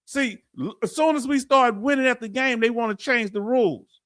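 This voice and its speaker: Middle-aged Southern host, high tenor, dry close sound, folksy and preachy on a live chat stream. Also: male voice, normal speed, a bit bright, dry recording. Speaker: veterans benefits channel host. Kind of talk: livestream reading viewer comments.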